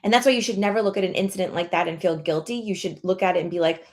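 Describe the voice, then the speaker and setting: A woman's voice: fairly low pitch, rapid-fire, few pauses, a little mellow. A woman weight loss coach talking casually in a members-only live session, encouraging listeners and acting out their inner thoughts.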